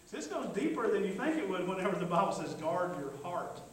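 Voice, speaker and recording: A high-voiced man preaching to his congregation in a loose, conversational way, dropping in quick asides for them to answer. He sounds distant, in a very echoey church sanctuary, with a faint hum of room noise behind him. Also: big pitch swings. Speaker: pastor. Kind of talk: sermon. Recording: echoey church hall, mic from afar.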